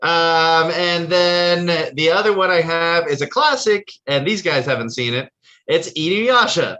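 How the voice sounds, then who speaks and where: A man's voice: on the high side, unhurried, pushed and bright, highs cut off. A young man co-hosting a casual podcast chat, rambling and laughing often as he explains. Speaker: podcast co-host.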